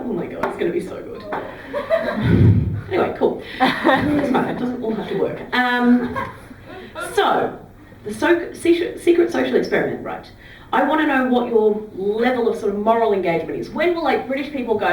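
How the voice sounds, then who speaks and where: A woman comedian talking to a live crowd, her voice high and lively as it leaps up and down. She giggles often and drops into a hushed murmur to act out pretend phone calls. The sound is roomy and a little distant, with faint club noise behind her. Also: moderate pace. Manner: chatty, giggly, acts out fake phone calls in a low murmur. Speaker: stand-up comedian. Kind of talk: stand-up comedy set. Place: comedy club stage before a live audience.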